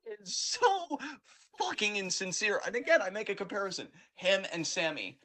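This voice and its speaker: A man's voice: high-pitched, huge pitch swings, normal speed, pushed and bright. A man co-hosting a podcast, ranting in casual, profane, rambling chat. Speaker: podcast co-host.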